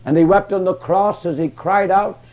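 A man preaching a sermon, passionate, with emphatic rises and hushed, quiet drops. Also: high-pitched, fairly even intonation, moderate pace, narrow, tinny audio.

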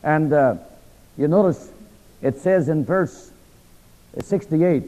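A man's voice: a little high, slow, mellow. A man preaching a sermon in a conversational Bible-teaching style, asking his listeners rhetorical fill-in questions. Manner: conversational, acts out quoted speech. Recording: echoey hall, dull lo-fi sound.

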